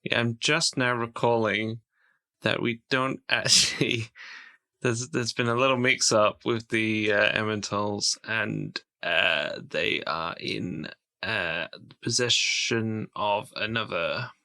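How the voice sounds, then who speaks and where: A man's voice: lowish voice, slow, sharp tone, full character voice. A man playing a friendly adventurer who rambles and hesitates in a tabletop game. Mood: flustered. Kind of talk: tabletop role-play voice.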